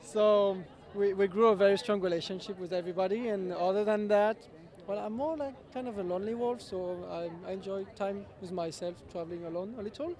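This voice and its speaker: Give me an animated man joking in second-language English at an outdoor premiere, high voice. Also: brisk. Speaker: cast member. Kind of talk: casual red carpet chat. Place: outdoor red carpet premiere.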